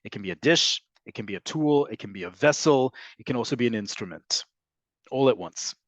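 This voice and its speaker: A man's voice: mid-range voice, lively intonation, a little fast, no room sound. A man teaching an online class, patiently explaining and answering questions with frequent fillers and "right?" checks. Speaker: Hebrew teacher. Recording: dull lo-fi dry audio.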